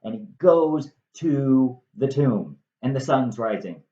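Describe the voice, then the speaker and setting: A video host retells a play to his viewers in a casual storytelling lesson, tossing in wry, chatty asides. His mid-range voice is animated and slow with a dark tone. The recording sounds roomy and slightly dull.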